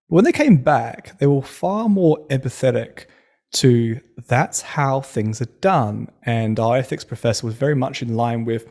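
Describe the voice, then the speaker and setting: A man's voice: mid-range voice, darkish tone. Tangent-prone man hosting a chat. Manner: enthusiastic storyteller, goes off on tangents. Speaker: podcast host. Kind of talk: casual conversational interview.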